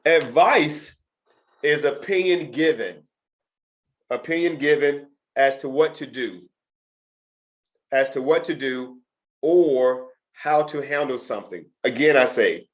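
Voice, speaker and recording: An emphatic middle-aged man leads a test prep lesson. His voice sits at an ordinary pitch as he drills vocabulary for his students. He repeats his main points so they stick. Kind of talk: lecture to students.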